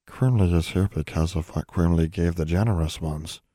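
A man voicing a timid male elf servant who whispers softly and speaks of himself in the third person. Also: low-pitched, moderate pace, dry recording, clean studio sound. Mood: solemn. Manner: soft hushed third-person speech.

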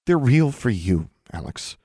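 A man voicing a scared, angry eleven-year-old boy in an audiobook, straining high when he shouts. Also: big pitch swings, moderate pace, no echo, clean studio sound. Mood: grave.

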